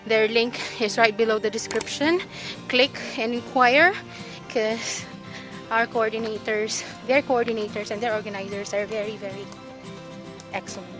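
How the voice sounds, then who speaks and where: A woman's voice: a little high, steady tone, moderate pace, over music. A Filipino woman vlogging out of breath on a mountain trail, chatting casually in a mix of English and Tagalog. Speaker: vlogger on a hike. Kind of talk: casual vlog narration.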